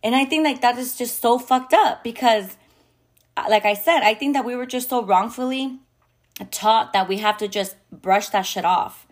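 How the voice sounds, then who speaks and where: A woman's voice: on the high side, moderate pace. A woman hosting a podcast and talking candidly and bluntly, with heavy swearing, lots of fillers and Spanish phrases mixed in. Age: adult mother. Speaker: podcast host. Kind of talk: candid casual monologue.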